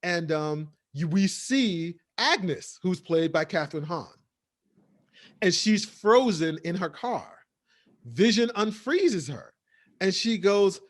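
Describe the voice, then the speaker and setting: A podcast co-host with a high-pitched, expressive voice takes his time as he casually reviews a TV episode. His recap rambles and is packed with fillers.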